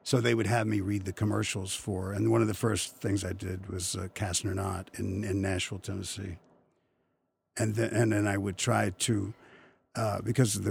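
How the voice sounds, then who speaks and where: A man's voice: lowish voice, little pitch movement, moderate pace, creaky, slightly rough. A man in his seventies from Western Pennsylvania, a voice actor telling rambling, chuckling stories in an interview. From Western Pennsylvania, USA. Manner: rambling storyteller, chuckling, many restarts. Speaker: voice actor guest. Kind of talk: anecdotal interview chat.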